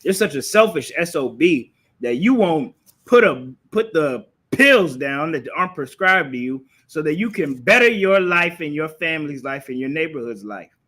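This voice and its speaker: A man's voice: fairly high pitch, animated, moderate pace, fairly bright tone. A man teaching a live-streamed religious class, scolding his listeners with confrontational preaching and repeated rhetorical questions. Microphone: streaming live from a phone or computer.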